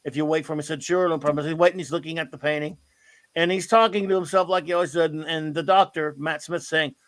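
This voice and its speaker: A man's voice: fairly high pitch, steady tone, fast talker, fairly bright tone, no echo. Eager middle-aged man telling a story. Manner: enthusiastic, rambling storytelling. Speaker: host. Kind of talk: casual chat.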